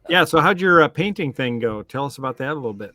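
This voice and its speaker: Bright-voiced podcast host, dry sound. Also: male voice, mid-range voice, lively intonation, fast, dry recording. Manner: friendly, steers the talk with questions. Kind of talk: casual podcast chat.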